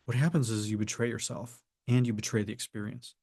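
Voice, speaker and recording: A man's voice: medium pitch, steady tone, a little mellow, breathy edge, no echo. Man coaching with dry close sound. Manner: measured, acts out quoted people. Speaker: spiritual coach. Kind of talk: reflective coaching talk.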